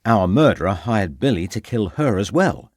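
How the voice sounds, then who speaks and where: A plain-spoken Victorian constable , read by a man, who talks bluntly. His low voice has a lively pitch. It is a crime audiobook read in a dry room. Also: moderate pace, no room sound.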